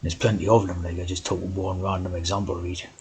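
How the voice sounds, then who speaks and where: Husky, low-voiced rambling man. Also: flat delivery, brisk, poor audio. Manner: rambling, keeps asking "right?" and "you know". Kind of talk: rambling monologue.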